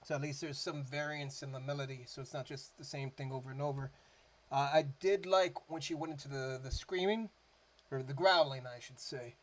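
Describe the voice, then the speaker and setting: A man's voice: mid-range voice, brisk. A man giving casual, rambling reaction commentary as a music reaction host, his talk loose and full of "like" fillers.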